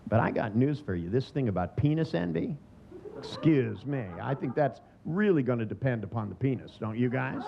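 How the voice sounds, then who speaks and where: Gravelly, sardonic older man lecturing. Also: medium pitch, lively intonation, moderate pace. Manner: sardonic, acts out quoted voices. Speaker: seminar trainer. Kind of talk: humorous seminar lecture. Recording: dull lo-fi recording with faint noise.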